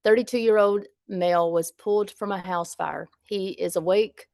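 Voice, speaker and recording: A woman student with a gravelly voice answers politely on a live class call and reads a test question aloud with some hesitation. The sound is dry and close. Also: medium pitch, steady tone, normal speed, darkish tone, no room sound.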